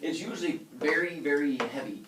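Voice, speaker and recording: A man's voice: on the high side, a little fast, noisy background. Man teacher quizzing a class, heard from afar. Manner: quizzing students, chatty recap. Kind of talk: classroom book review. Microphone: camera at a distance. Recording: echoey classroom, mic far off, students chattering.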